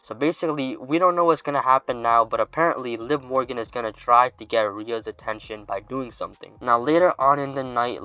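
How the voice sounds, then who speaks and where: A man narrating casually in a bright, crisp voice and tossing in offhand asides. The recording is dull and lo-fi, with a dry, close sound. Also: medium pitch, no room sound. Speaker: fantasy booking narrator.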